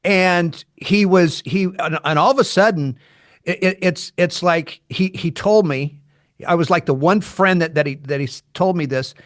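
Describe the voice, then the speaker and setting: Higher-voiced man, halting podcast co-host. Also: dry recording, studio quality. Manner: halting, many restarts, affirming listener. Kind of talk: casual conversational response.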